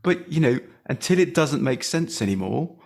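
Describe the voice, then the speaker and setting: A man hosting a casual interview over a video call, with a husky voice, supportive and hesitant, often restarting his sentences. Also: medium pitch, lively intonation, normal speed. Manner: hesitant, supportive, many restarts and agreeing murmurs. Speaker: podcast host.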